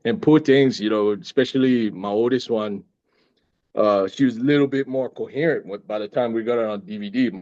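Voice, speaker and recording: A middle-aged actor, appearing as a guest, chats casually and tells stories animatedly with lots of laughter. His mid-range voice moves fairly quickly, and the audio has its highs cut off.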